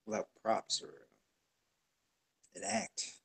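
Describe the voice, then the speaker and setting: A man's voice: on the high side, sing-song, slow, vocal fry, breathy edge. A man hosting a casual livestream chat, rambling with lots of fillers and easy laughs. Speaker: podcast host.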